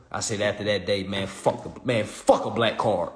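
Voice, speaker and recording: A man's voice: sits low, fairly even intonation, a little fast, hardly any pauses. A young man from South Carolina, talking in a casual, profane livestream monologue and laughing often. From South Carolina, USA. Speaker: livestream host. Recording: roomy echo.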